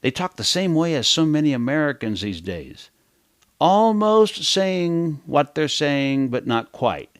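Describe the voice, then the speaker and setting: A man's voice: fairly high pitch, sing-song, unhurried, no echo, clean studio sound. A man teaching a kids' language lesson in a playful, storytelling way.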